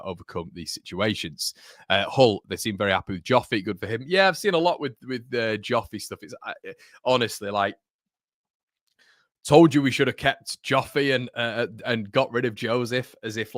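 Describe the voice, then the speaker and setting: A man's voice: on the low side, a bit bright, dry recording, studio quality. A man hosting a casual live football watchalong, chatting with viewers and calling them mate. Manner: chatty, reads chat aloud, calls viewers mate. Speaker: livestream host.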